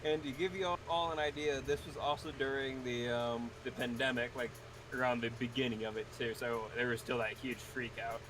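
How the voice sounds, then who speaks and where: A man's voice: medium pitch, brisk, noisy background. Laid-back young man chatting. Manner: relaxed, brief interjections and asides. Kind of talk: casual chat.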